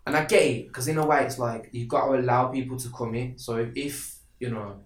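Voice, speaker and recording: A man, an actor chatting as a podcast guest in a lively, slangy way, full of "innit" and "you know what I mean". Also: medium pitch, brisk. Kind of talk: casual chat. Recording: roomy, somewhat distant mic.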